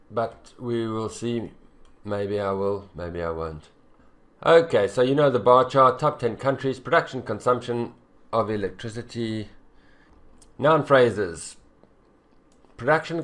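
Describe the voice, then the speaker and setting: A male writing teacher works through a student's essay and marks its mistakes. He is blunt and exasperated, and he repeats his points with emphasis. His voice sits at an ordinary middle pitch. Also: a bit bright. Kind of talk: essay correction lesson.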